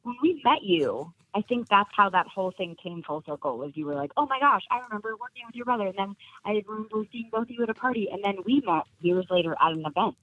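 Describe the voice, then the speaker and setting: A woman chatting as a podcast guest, talking loosely with plenty of fillers and easy laughter. Her voice comes through a thin, phone-like line, her pitch sitting in an ordinary middle range. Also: animated, quick pace, hardly any pauses, fairly bright tone. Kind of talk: casual chat. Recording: narrow phone-like sound.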